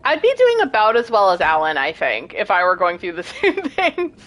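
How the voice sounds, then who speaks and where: A young woman streaming a game, chatting casually and self-deprecatingly, with bursts of excited squeals. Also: medium pitch, moderate pace. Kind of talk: casual gameplay commentary.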